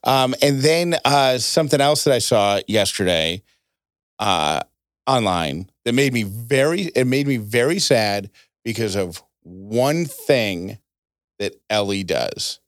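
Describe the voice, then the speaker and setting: A man hosting a casual chat show, telling stories with a voice that jumps high for emphasis. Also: lively intonation, takes it slowly, no echo, clean studio sound. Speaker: podcast host.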